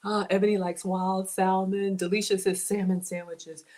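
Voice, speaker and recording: A woman's voice: medium pitch, flat delivery, moderate pace, darkish tone. A woman hosting a casual cooking livestream, chatty and bubbly, laughing often as she reads viewer comments aloud. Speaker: home cook livestream host.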